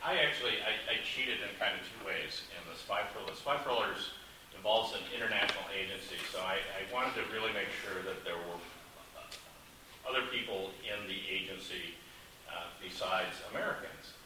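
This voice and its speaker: A man's voice: low-pitched, fairly quick. Man in an echoey room, far off. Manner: rambling, self-deprecating, many restarts. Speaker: author. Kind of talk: casual panel chat. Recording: echoey room, distant mic, faint hiss.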